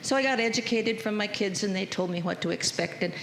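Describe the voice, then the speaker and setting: A woman's voice: medium pitch, a little fast, gravelly, fairly bright tone. An older woman telling a chatty, folksy personal testimony to a church congregation. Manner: chatty, folksy storyteller, emotional. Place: church sanctuary. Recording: echoey church hall with faint noise.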